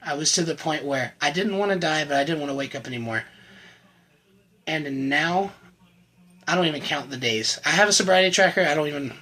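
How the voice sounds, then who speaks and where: A man giving an earnest, emotional personal faith testimony to the camera, often halting and repeating words. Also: on the high side, sharp tone, rough recording. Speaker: channel host sharing his recovery testimony.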